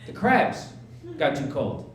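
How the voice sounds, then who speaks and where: A man in his forties doing a stand-up comedy set on a theater stage, sarcastic and incredulous, acting out dialogue in mock voices. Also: slow pace. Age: 40s. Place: small theater stage with a live audience. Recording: roomy live theater sound with audience laughter.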